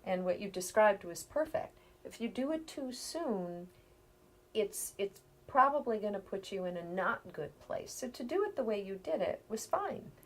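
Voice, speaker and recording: A middle-aged woman, a healer, explaining things calmly in a conversational interview, sometimes dropping to a near-whisper. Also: medium pitch, normal speed.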